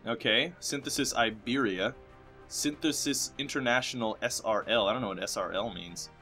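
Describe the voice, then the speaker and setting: A young man hosting a let's play, rambling jokily in casual commentary, jumping from loud bursts to quiet mumbles. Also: mid-range voice, normal speed, faint music behind. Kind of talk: rambling gameplay commentary over credits.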